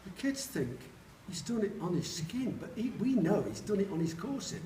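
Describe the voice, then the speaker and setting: At a reunion lunch in a large dining hall, a man in his seventies from Sheffield, England, tells funny stories and acts out the characters in a jokey way. His voice is high, mellow, and sing-song at a moderate pace. It's captured on a distant mic amid hall echo and a faint hum.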